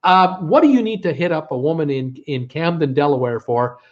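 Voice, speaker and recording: Middle-aged Canadian man, fairly high voice, folksy and exasperated live-stream host, dull lo-fi tablet audio. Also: lively intonation, brisk. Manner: folksy and exasperated, with frequent uh fillers. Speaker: travel vlog host. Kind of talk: casual live-stream chat.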